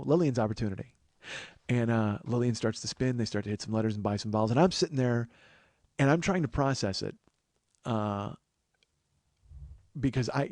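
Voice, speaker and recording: A man in his forties telling a comic story on his podcast, animated and profane, bursting into shouts when he quotes himself. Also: medium pitch, no room sound. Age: 40s. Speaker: podcast host.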